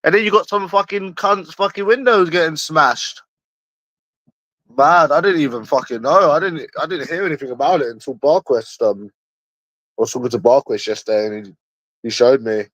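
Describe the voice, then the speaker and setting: A man's voice: fairly high pitch, normal speed, a bit bright, dry recording. A man streaming alone, rambling in a casual, mocking monologue full of swearing. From London. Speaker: livestreamer.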